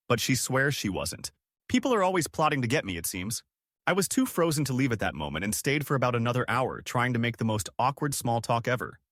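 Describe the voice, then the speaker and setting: Lively male story narrator, dry sound. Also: mid-range voice, no echo. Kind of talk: scripted narration of online stories.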